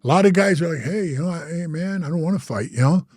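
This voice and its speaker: A man's voice: on the high side, fast talker, dry recording, clean studio sound. An older man and former biker club president, telling his life story in casual talk and acting out the other people in it. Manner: animated storyteller, acts out other voices, says bro a lot.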